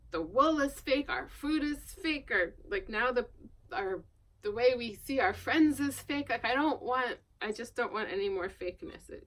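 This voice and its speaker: A woman from Long Island, New York, who has no accent, vlogs casually as she works indoors at her worktable, poking fun at herself. She speaks at a medium pitch with a slightly bright quality, regularly lowering to a murmur in her rambling talk.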